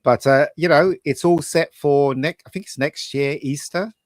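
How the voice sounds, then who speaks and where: A man co-hosting a casual pub chat, rambling through animated opinions. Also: fairly high pitch, normal speed, no room sound, clean studio sound. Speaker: co-host.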